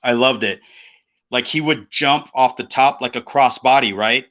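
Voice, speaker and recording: A middle-aged man co-hosting a casual podcast, telling an old road story in a profane, animated way and acting out the voices of the people in it. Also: medium pitch, moderate pace. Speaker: podcast co-host, former pro wrestler. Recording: dull lo-fi podcast audio.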